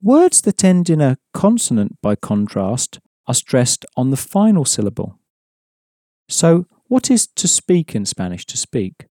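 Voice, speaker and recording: A man teaching a scripted language lesson, explaining word stress in a measured way and slowing down for examples. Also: medium pitch, huge pitch swings, mellow, dry recording, studio quality.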